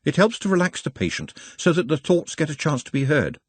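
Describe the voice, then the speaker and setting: Brief: man reading earnest male goblin scholar, formal and careful, husky, dry close recording. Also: a little high, big pitch swings, fairly quick, dry recording, voice pushed up. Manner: precise, formal, hesitant phrasing.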